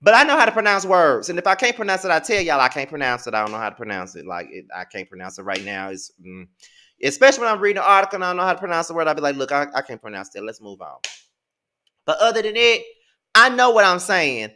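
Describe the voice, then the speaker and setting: A man in his thirties with a Mississippi Southern accent, recapping a reality show in a sassy, profane, animated way. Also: sits high, fast talker, a little hiss or hum. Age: 30s. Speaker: TV show reviewer. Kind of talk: casual recap commentary.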